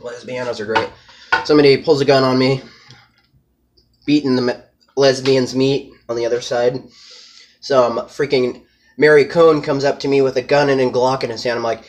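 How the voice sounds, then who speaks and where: A man's voice: mid-range voice, steady tone, normal speed, long pauses. Profane rambling man, comedic rant. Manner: profane, rambling, peppered with Spanish slang.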